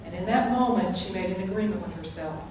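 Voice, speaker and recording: A woman's voice: medium pitch, fast, background noise. Woman teaching in an echoey hall. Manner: emphatic, repeats key phrases. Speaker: spiritual teacher. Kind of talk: sermon-style teaching. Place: hall of a spiritual center. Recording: echoey room, mic at a distance.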